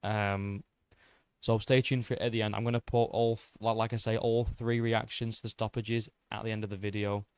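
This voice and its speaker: A young man recapping a fight in an excitable, boastful way, swearing and tripping over his words. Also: fairly low pitch, normal speed, clean tone, dry recording. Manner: boastful, excitable, swears a lot, stumbles and repeats. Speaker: MMA YouTuber.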